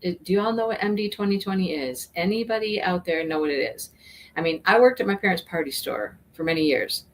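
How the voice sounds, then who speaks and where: A woman from Michigan with a Michigan accent, co-hosting a casual chat, talkative and quick to laugh. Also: animated, slight background noise, poor audio. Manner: chatty, laughs often, mimics voices with high squeals. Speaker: co-host.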